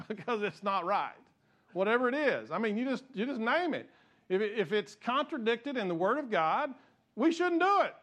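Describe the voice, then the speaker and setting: A man's voice: high-pitched, big pitch swings, moderate pace, fairly bright tone. A pastor preaching a sermon to his congregation, impassioned and repeating himself as he gets fired up. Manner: repeats and restarts phrases. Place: church sanctuary.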